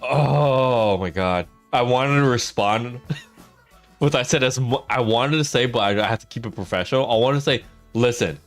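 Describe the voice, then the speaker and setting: A man's voice: mid-range voice, moderate pace, soft background music. A man telling a funny story to his stream while gaming, laughing often as he talks.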